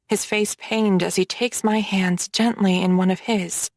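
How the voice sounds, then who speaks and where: A woman reading a dark romance audiobook in first person, with dramatic storytelling. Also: mid-range voice, steady tone, a little slow, few pauses, no room sound, studio quality. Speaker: audiobook narrator.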